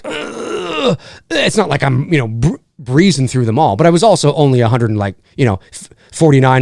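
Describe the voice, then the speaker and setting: Male host, lively pitch, rambling Q&A chat, dry close sound. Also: no echo. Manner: animated, rambling, repeats himself. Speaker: livestream host answering viewer questions. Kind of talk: casual livestream chat.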